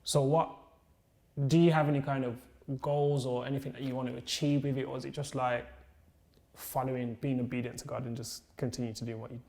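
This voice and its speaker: A man's voice: mid-range voice, little pitch movement, fairly quick, creaky, dark tone. A man hosting a podcast interview, encouraging his guest and making frequent listening murmurs. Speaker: podcast host.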